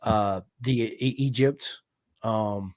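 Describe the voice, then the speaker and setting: A man hosting a podcast in relaxed, drawn-out casual chat full of fillers. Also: fairly low pitch, no echo, clean studio sound. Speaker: podcast host.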